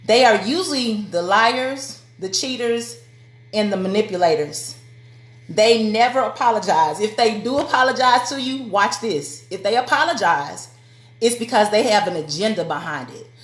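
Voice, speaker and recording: A woman giving a motivational live-stream talk to women, speaking directly and preacherly and calling out to her viewers. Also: mid-range voice. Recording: echoey room.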